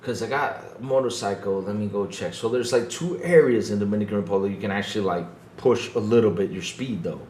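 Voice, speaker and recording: A lowish, darkish male voice moves a little fast with hardly any pauses. He's a laid-back gaming podcast host who chuckles, repeats himself, and keeps adding "though" to his lines, recorded in an echoey room.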